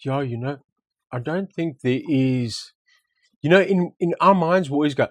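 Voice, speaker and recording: A man's voice: a little high, normal speed, a little mellow, dry recording. A man co-hosting a property discussion, talking casually and reflectively, telling anecdotes and repeating words for emphasis. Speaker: property market co-host. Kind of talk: casual conversation.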